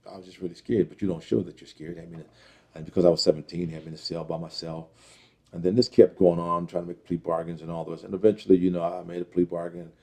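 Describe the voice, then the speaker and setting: A middle-aged man telling his life story as an interview guest, earnest and reflective, halting with fillers. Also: low-pitched, level tone, dark tone. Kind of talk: personal testimony interview.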